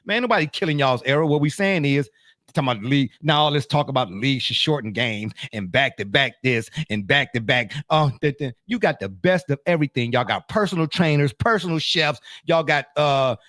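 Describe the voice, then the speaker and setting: A man's voice: mid-range voice, animated, fairly quick, fairly bright tone, dry recording, studio quality. A middle-aged man co-hosting a sports talk show, emphatic and slangy, laughing often as he argues.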